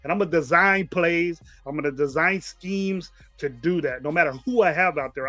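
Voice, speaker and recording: A man's voice: fairly high pitch, fairly quick, a bit bright, no echo, highs cut off, soft background music. A man in casual sports talk, blunt and emphatic, repeating his points for effect. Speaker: podcast host.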